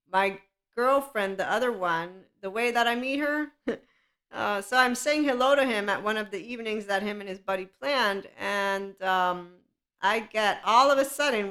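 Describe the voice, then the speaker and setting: Woman podcast host, bright and forceful, blunt storyteller who laughs often. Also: medium pitch. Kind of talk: casual monologue.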